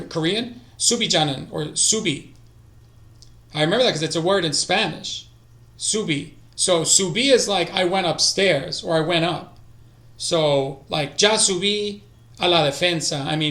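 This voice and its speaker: A man streaming a casual study session, talking to himself and drifting into quiet mutters. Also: on the high side. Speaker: streamer learning languages. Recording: echoey room.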